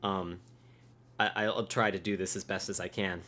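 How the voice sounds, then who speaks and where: Very low-voiced woman, joking co-host. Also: steady tone, a bit bright. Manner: joking, dry, quick comebacks. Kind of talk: casual chat.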